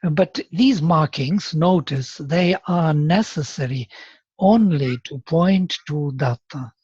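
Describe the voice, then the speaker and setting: Soft-toned teacher on a dull, dry line. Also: medium pitch, takes it slowly, slightly rough, no room sound. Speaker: Sanskrit teacher. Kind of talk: online class explanation.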